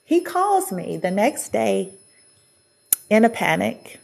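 A woman's voice: mid-range voice, very animated, slow pace, vocal fry, darkish tone. A woman vlogger telling a personal story in a chatty, casual way, often laughing and acting out what people said.

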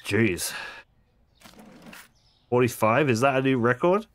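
A man's voice: mid-range voice, lively intonation, slow, fairly bright tone, a little hiss or hum. A man casually commenting on his gameplay, chatty and jokey, swearing now and then and making asides to his viewers. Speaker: gaming streamer.

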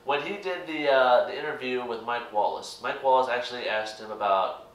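A young American reaction YouTuber speaks at a moderate pace in a mid-range voice, giving his viewers a rambling but heartfelt opinion. An echoey room and faraway mic shape the recording.

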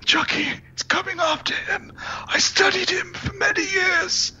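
A man imitating a grave old doctor warning of a killer, in a high strained voice. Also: fairly even intonation, a little slow, sharp tone, highs cut off, heavily acted. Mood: ominous. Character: dying old man doing a thin, quavering film-doctor voice.

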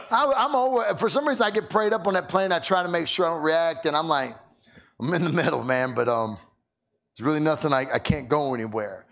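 High, animated man preaching a sermon. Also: brisk, creaky. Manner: animated, repeats words when starting sentences. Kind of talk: sermon with storytelling.

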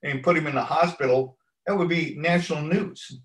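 A man's voice: a little high, steady tone, moderate pace, crowd noise. Man telling anecdotes in a roomy space. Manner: rambling anecdotal delivery, acts out quoted lines. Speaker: stunt coordinator, interview guest. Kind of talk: storytelling interview answers.

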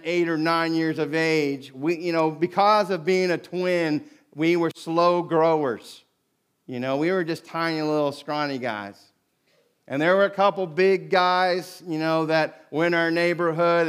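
A middle-aged male pastor delivers a sermon in a fairly high voice. He tells a personal story in an animated way, acting out the other people's lines as he goes. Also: clean tone.

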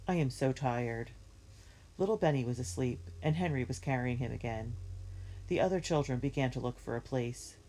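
A woman reading a children's book aloud in a clear, measured storytelling manner. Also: very deep voice, dark tone, slight background noise. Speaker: reader.

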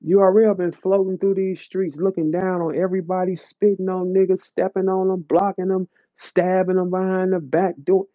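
A man rants bluntly and profanely at his listeners in a live audio chat. His voice sits a little high. The sound is dry and dull, like a lo-fi online audio stream. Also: level tone, normal speed, hardly any pauses, no echo. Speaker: host of an audio chat room.

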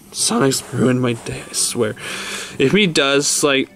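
A man's voice: medium pitch, animated, takes it slowly, a bit bright, faint music behind. A man voicing Mario as a short-tempered plumber who rants and swears when angry. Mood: grumbling. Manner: exasperated, swearing, ranting. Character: Mario, short-tempered adult male plumber, easily enraged. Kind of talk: toy stop-motion fan skit voice.

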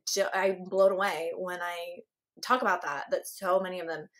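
A woman hosting a podcast, chatting casually and often chiming in with quick agreement. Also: on the low side, fairly even intonation. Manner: warm agreeing, quick affirmations and laughs. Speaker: podcast host.

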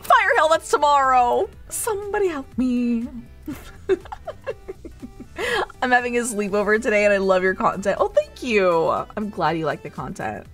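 A woman's voice: fairly high pitch, fairly bright tone. A woman streamer hosting a cozy barista role-play, reading chat aloud in a teasing, playfully motherly way. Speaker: VTuber streamer, host.

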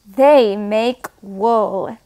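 A woman reading picture books aloud to toddlers in a slow, sing-song way, making animal sounds and asking them to point. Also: mid-range voice, dark tone. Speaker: storyteller.

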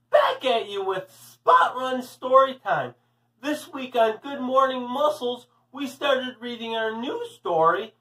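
A male teacher reads a storybook to children in a friendly way, with a fairly high voice. He takes his time over the words. The mic picks him up from a little way off. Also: fairly bright tone, recorded from a distance, low-quality recording. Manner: friendly, addressing kids. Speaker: teacher reading aloud. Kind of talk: storybook read-aloud for children.

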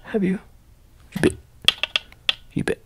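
A man plays an ASMR host in a whispered role-play, playful and rambling as he drifts between soft speech and whispers. He talks slowly, and the recording is very noisy.

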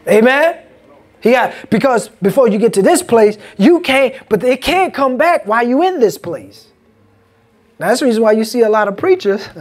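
Lively-pitched pastor preaching a sermon. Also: male voice. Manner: call-and-response, asks congregation "Amen?". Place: church sanctuary.

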